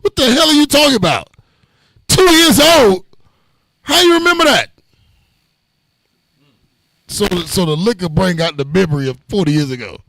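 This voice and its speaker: A man teaching a Bible class, preaching with call and response and a joking, blunt, animated manner. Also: sits high, normal speed, pauses often, no echo.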